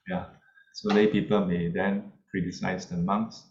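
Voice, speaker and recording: A man giving an informal dharma talk as a Buddhist teacher, halting, with many fillers and soft chuckles. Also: on the low side, expressive, gravelly. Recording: roomy, muffled, faint background noise.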